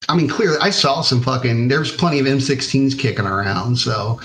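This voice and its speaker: Profane, laid-back American army veteran. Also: male voice, mid-range voice, fairly quick, fairly bright tone, low-quality recording. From United States. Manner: profane, laid-back storytelling with frequent fillers. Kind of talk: casual storytelling interview.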